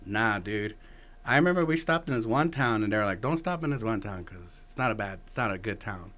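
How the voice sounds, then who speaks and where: A man's voice: fairly low pitch, expressive, fairly quick, fairly bright tone. A man from Texas chats as a podcast guest, easygoing and frank. He swears freely and laughs a lot between stories. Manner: laid-back, swears freely, laughs often. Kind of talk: casual conversation.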